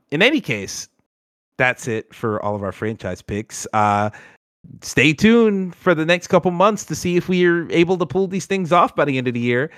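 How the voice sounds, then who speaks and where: Guy hosting a gaming podcast, bouncy up and down pitch, dry close mic, lots of um and uh. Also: no echo. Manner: animated, joking, many fillers. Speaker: podcast host. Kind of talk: casual chat.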